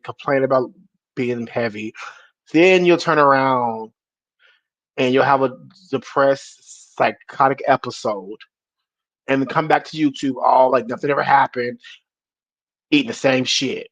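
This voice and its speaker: A man's voice: mid-range voice, steady tone, normal speed, no room sound, muffled recording. A man giving casual reaction commentary, blunt and exasperated, with some swearing.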